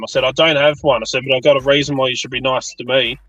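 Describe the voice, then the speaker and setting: A man's voice: medium pitch, fast, hardly any pauses, dry recording, lo-fi sound. A man, an aged care worker telling funny work stories in casual chat and acting out the voices he quotes. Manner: animated, acts out quoted voices.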